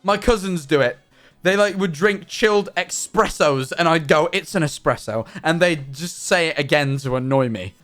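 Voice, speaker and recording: A man's voice: a little high, normal speed, a bit bright, faint music behind. A man livestreaming in casual chat with his viewers, ranting animatedly and swearing often.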